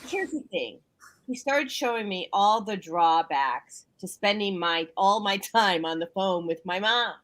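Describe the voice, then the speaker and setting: Her mid-range voice comes at an unhurried pace in a dry, poor-quality recording. A call-in talk show guest speaking from her bedroom at home, she chats casually on the radio and tells animated stories, acting out what others said.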